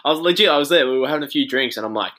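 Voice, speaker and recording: A man's voice: on the high side, animated, rapid-fire, pushed and bright. A young Australian man in his twenties hosting a podcast in casual chat, loose, laughing and swearing often. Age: 20s. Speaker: podcast host.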